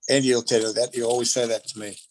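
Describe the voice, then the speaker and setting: A man, telling stories in a casual interview, rambling and animated with lots of fillers. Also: mid-range voice, quick pace, slight background noise, poor audio. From Australia. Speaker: guest, retired wrestler.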